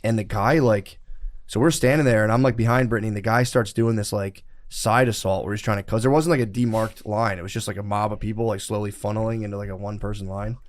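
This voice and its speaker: A man's voice: lowish voice, fairly even intonation, fast. A man in his thirties, a podcast co-host, telling a profane, rambling comedic story and laughing at himself.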